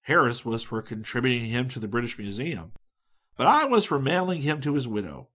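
A man reading a humorous travel story aloud in a measured, dry, wry storytelling manner. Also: medium pitch, very animated, fairly bright tone. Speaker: audiobook narrator. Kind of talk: scripted narration.

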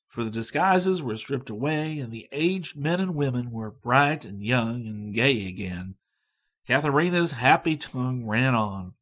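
A man narrating a storybook in an expressive, varied reading. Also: medium pitch, measured pace.

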